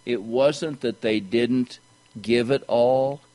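A man's voice: takes it slowly, dark tone, poor audio. A man preaching a sermon, reading scripture aloud and often repeating words as he restarts his thoughts. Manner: pitch jumps higher when pressing a point.

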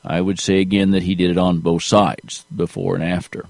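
A man preaching a sermon in a slow, deliberate way, rising to emphasis at key points. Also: deep voice, fairly even intonation, gravelly, a little mellow, dry recording.

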